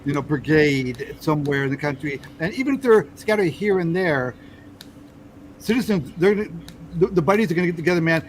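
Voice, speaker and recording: A man's voice: on the high side, animated, fairly quick, slight background noise, low-quality recording. An American man hosting a casual political chat, hesitant and full of restarts as he pushes back on his guest. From United States. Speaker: host.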